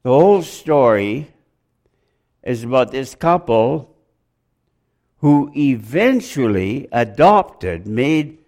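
A man's voice: mid-range voice, very animated, slow, pauses often, a little mellow. A man preaching a sermon, rambling, joking with the congregation and asking them questions.

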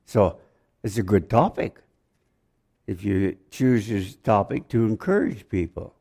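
A man's voice: on the low side, a little slow, vocal fry, warm tone, breathy edge. A man preaching a sermon, rambling, joking with the congregation and asking them questions.

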